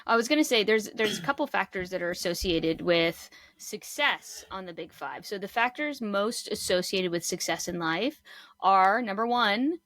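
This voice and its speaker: A woman co-hosting a podcast, explaining psychology concepts calmly with frequent ums and short agreeing replies. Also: mid-range voice, moderate pace, no room sound. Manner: calm and explanatory, many ums and short backchannels. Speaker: psychologist co-host. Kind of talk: explaining psychology in casual chat.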